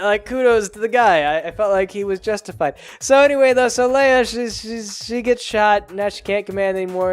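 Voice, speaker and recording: A young man casually recapping a movie in a rambling way, full of fillers and restarts. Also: fairly high pitch. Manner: rambling, lots of fillers and self-corrections. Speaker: podcast host.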